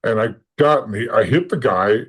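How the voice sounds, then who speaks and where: A man's voice: fairly low pitch, normal speed, fairly bright tone, breathy edge, low-quality recording. A man being interviewed as a podcast guest, telling a long story casually and bluntly, often restarting and repeating words. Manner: blunt and matter-of-fact.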